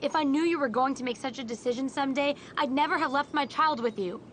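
A woman's voice: high-pitched, fast, a bit bright, a little hiss or hum. A desperate, insistent mother. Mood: pleading. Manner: pleading, insistent, urgent. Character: desperate birth mother fighting to see her young son. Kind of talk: dubbed drama acting.

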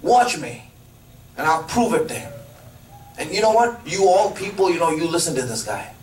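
A man's voice: on the high side, very animated, normal speed, a little mellow, slight background noise. Man doing an angry doubting soldier, scoffing, distant roomy sound. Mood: scornful. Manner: scornful, indignant. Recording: echoey room from a distance.

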